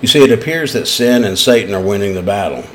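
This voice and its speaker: A man with an East Tennessee accent preaches in a lowish voice, folksy and earnest as he tells his stories. A faint hiss sits under the recording. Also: animated, quick pace, fairly bright tone. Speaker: pastor. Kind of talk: sermon.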